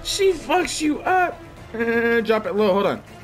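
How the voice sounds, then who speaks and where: A man giving casual, excitable commentary on his own gameplay, swearing, laughing and yelping at the action. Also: extremely high pitch, slow pace. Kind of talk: casual let's-play commentary. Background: game music and sound effects.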